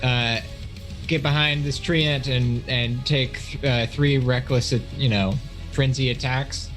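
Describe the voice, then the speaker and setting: A man's voice: medium pitch, fairly even intonation, takes it slowly, fairly bright tone, faint music behind. A man playing a tabletop game, easygoing and hesitant as he adds up his rolls. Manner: easygoing, hesitant while adding up dice. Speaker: player.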